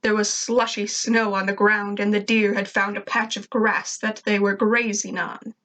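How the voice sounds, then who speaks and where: A woman reading a first-person fan fiction story aloud, steady and even. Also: medium pitch, moderate pace.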